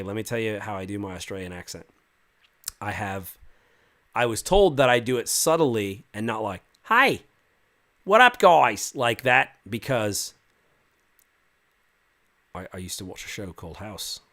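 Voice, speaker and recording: A man with a lowish, fairly bright voice speaks at normal speed with long pauses. As game master and host of a casual livestream, he reads viewer comments aloud and answers them loosely and ramblingly, full of fillers and restarts.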